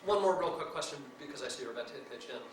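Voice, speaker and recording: Brief: male audience questioner, fairly high voice, distant and echoey. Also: lively intonation, rapid-fire, slight background noise. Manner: careful, qualifying, many fillers. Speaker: audience member asking a question.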